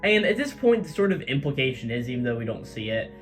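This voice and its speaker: Brief: a male recap host, chatty and animated, over faint music. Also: medium pitch, fast talker. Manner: chatty, filler-heavy storytelling. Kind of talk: casual chapter recap.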